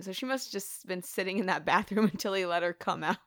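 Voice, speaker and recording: A woman's voice: fairly low pitch, quick pace, few pauses, fairly bright tone, clean tone, dry recording, studio quality. A woman co-hosting a podcast, casually recapping a film with lots of laughter and swearing. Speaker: podcast co-host.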